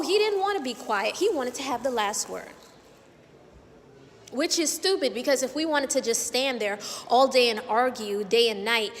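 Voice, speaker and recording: A woman's voice: a little high, fairly bright tone, in a large hall, slight background noise. A young adult woman giving an indignant, emphatic vlog rant to camera, hammering her points with repetition. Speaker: vlogger.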